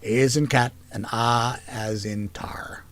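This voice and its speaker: A man with a gravelly, medium-pitched voice speaks expressively at a normal speed, playing a large, scarred male elf. The elf is a warm older brother who teases his younger sister while patiently teaching her.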